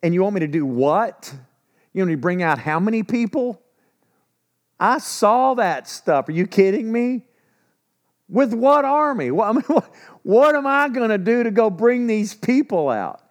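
A man's voice: sits high, expressive, a little fast. Man doing an exasperated, self-doubting Moses. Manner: exasperated, incredulous.

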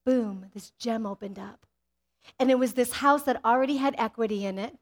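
A woman's voice: on the high side, normal speed. A woman pastor delivering a sermon with energy, often asking the congregation "amen?" and telling personal stories. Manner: personal storytelling.

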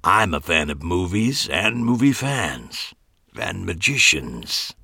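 A frail, creepy old man, as an audiobook narrator puts him on growls each word in a throaty rasp. He speaks slowly and grandly, with a deep, dry sound and a voice that swoops up and down. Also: sing-song, bright, forceful tone, dry recording, exaggerated voice. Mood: eerie, theatrical. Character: frail, eerie thin old man, theatrical. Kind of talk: audiobook character voice.

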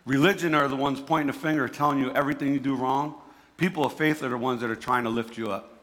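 A man's voice: medium pitch, steady tone, fast talker, fairly bright tone, big-room sound. A man with a New Jersey accent giving a conversational sermon, often restarting words and repeating himself. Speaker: preacher.

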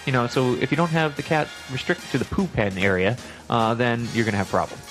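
A male radio host fielding calls. He talks very fast and gives friendly, practical advice with the odd chuckle. His pitch sits in a middle range. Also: fairly bright tone, soft background music.

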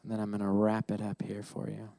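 A man's voice: fairly low pitch, completely flat delivery, fast, vocal fry, dark tone, no echo. A man preaching a sermon to his church, playful and laughing between points. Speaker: pastor. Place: church service.

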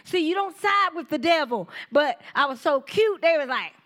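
A woman in her forties giving a casual testimony sermon, telling animated stories, acting out quoted voices, laughing often and speaking straight to the congregation. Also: high-pitched, moderate pace. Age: 40s. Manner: informal church talk, addresses the congregation directly.

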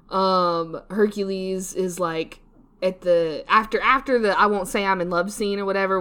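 A woman's voice: mid-range voice, bright, forceful tone. A young adult woman co-hosting a podcast, rambling casually with frequent laughs, restarts and casual swearing, in a self-deprecating way. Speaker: podcast co-host. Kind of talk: casual solo podcast rant.

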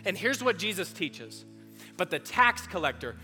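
Bright-voiced man preaching a sermon. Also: high-pitched, a little slow, breathy edge. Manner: animated, casual, direct address. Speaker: youth pastor. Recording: long hall reverb, faint music.

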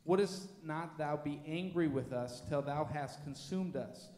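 A man reading scripture aloud in a church with a steady, measured delivery. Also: fairly high pitch, a little hiss or hum. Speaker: scripture reader. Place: church sanctuary. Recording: echoey church hall with long reverb.

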